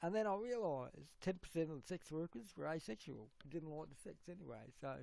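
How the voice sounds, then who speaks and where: A man with an Australian accent hosting a casual livestream chat, rambling and giggling, now and then breaking into loud put-on voices. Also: fairly high pitch, expressive, brisk, creaky, hardly any pauses, dry recording. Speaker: livestream host.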